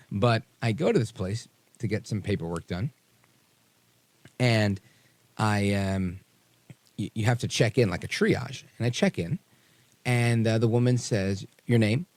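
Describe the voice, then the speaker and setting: A male radio talk host with a low voice that swings up and down a lot as he tells stories. He sounds chatty and animated, close on a studio mic in a dry booth with no room sound. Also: dry recording. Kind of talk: casual radio monologue.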